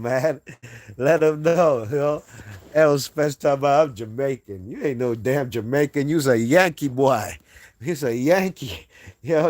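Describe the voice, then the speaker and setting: A man's voice: mid-range voice, darkish tone, dry recording. A man hosting a casual boxing livestream, reading chat aloud and talking trash.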